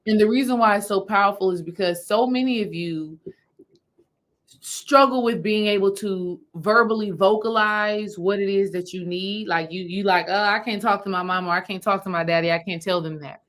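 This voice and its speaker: A woman's voice: medium pitch, moderate pace, fairly bright tone, low-quality recording. A woman spiritual healing coach, talking her audience through a meditation step by step in a casual, repetitive way. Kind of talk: guided meditation talk to a live audience.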